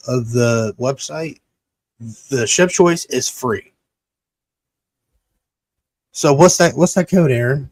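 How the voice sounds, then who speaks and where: A man's voice: medium pitch, a little mellow, no room sound. A man hosting a podcast, reading a sponsor plug in a rambling, casual way, swearing and tripping over his words. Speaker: podcast host.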